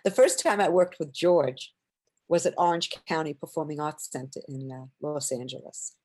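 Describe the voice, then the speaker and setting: An older woman, a stage singer, telling lively anecdotes in an interview, acting out quotes and laughing often. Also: sits low, normal speed. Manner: animated storyteller, acts out quotes, laughs often.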